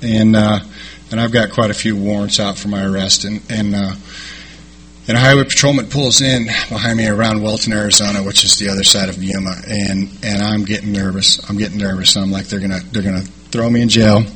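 A middle-aged man sharing a recovery story in a rambling, halting way, with many fillers. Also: on the low side, little pitch movement, bright, forceful tone, a little hiss or hum. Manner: rambling, halting delivery with repeated "and, uh". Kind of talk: personal storytelling talk.

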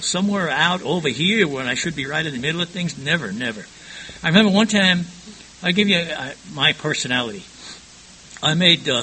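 A man's voice: fairly high pitch, pushed and bright, slight background noise, rough recording. An older man frankly recounting his past in a rambling personal testimony, often stumbling and repeating words.

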